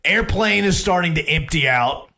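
A man's voice: high-pitched, lively intonation, normal speed, bright, forceful tone. An adult man hosting a sports talk show, telling a rambling story in a casual monologue with many restarts.

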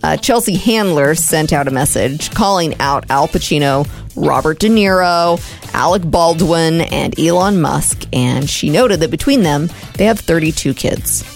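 A woman co-hosting a radio show, chatting casually and reading entertainment news briskly. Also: low voice, animated, gravelly, soft background music. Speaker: radio co-host.

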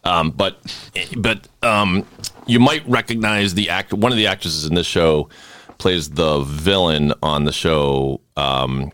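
A man's voice: low voice, takes it slowly, fairly bright tone, smooth. A man from hosting a podcast in a rambling, stammering, jokey way. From Boston. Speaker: podcast host. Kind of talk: casual podcast chat.

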